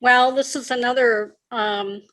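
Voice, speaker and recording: A woman executive coach, a podcast guest, explaining ideas in a measured way and repeating key phrases. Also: fairly high pitch, fairly even intonation, fairly bright tone. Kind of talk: conversational interview.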